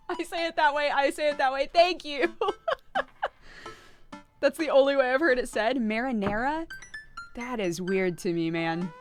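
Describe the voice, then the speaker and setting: A young woman streaming a game in casual chat, animated, laughing often and swearing freely. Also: high voice, a little slow, pauses often, soft background music. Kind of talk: casual live-stream chat while gaming.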